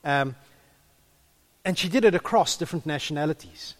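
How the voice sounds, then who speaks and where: A man's voice: on the high side, animated, normal speed. A man preaching a sermon in a conversational way, with humorous asides and a few stumbles.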